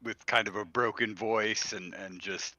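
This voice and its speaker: A man playing a tabletop game, who speaks quietly and sometimes drops to a half whisper. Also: lowish voice, fairly even intonation, a little slow, no room sound, rough recording. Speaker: player. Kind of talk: casual tabletop play.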